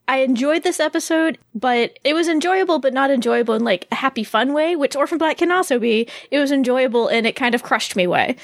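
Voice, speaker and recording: High-pitched woman co-hosting a chatty podcast, laughs a lot, dry close mic. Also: brisk, few pauses, dry recording. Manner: animated, laughs often, restarts sentences. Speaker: podcast co-host. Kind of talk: casual chat.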